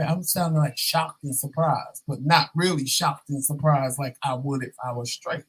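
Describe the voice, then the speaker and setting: A man vlogging, telling a story in a casual, animated and sassy way with dramatic asides to his viewers. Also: a little high, moderate pace, hardly any pauses, a little hiss or hum, rough recording.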